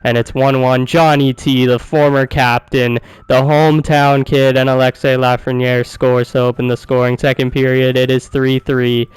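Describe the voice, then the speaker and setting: A man commentating his own video game as he plays, excitable and profane, swinging from quiet muttering to loud cheering. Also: medium pitch, moderate pace, few pauses, smooth, dry recording, rough recording. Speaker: gaming YouTuber.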